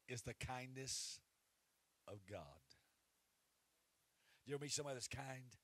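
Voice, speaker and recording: A man's voice: mid-range voice, normal speed, long pauses, no echo. Fervent preacher man. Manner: loud fervent praying, then casual teasing asides. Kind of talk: sermon with prayer. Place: church sanctuary.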